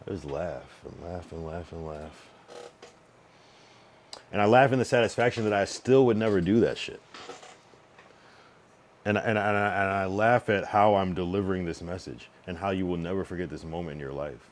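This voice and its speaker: A man's voice: low-pitched, fairly quick, slight background noise. A young man streaming, talking casually in a blunt, profane, rambling way with many restarts. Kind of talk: casual livestream monologue.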